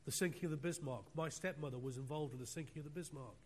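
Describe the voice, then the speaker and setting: A British man preaching a sermon with emphatic, repeating phrases that swing between loud and quiet. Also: a little high, fast, a little hiss or hum. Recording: long hall reverb.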